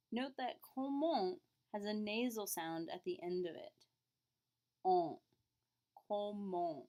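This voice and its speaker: Woman, French teacher, patient lesson delivery, middle pitch, models phrases clearly. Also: darkish tone. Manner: clear, patient explaining, exaggerated question intonation in examples. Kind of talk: classroom lesson.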